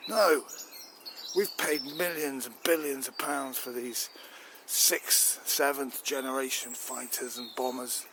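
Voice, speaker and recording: A man playing a furious, blustering air force chief who rants and shouts. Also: mid-range voice, slow, a little hiss or hum. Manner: ranting, shouting, swearing. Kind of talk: improvised comedy.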